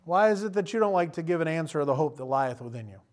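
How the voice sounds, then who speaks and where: Preacher, male, high voice, animated delivery that swells to loud emphatic bursts. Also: quick pace. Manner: direct questions to the listener. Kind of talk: sermon.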